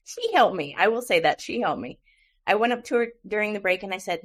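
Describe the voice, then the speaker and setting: A woman's voice: mid-range voice, huge pitch swings, fairly quick, fairly bright tone, slightly rough. A woman hosting a podcast, telling a story in a chatty way with frequent laughs. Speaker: podcast host. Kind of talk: casual podcast interview.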